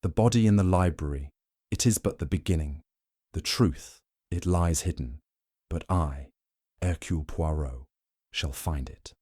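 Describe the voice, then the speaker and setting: A man voicing a fastidious older detective, speaking in a precise, probing way. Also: rumbling low, mellow, husky, no echo, studio quality, full character voice. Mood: grave.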